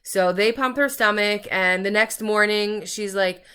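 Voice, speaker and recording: Chatty young woman, bright clear voice. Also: mid-range voice, unhurried. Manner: chatty, many fillers, acts out quoted dialogue. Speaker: vlogger. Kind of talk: casual book talk while doing makeup.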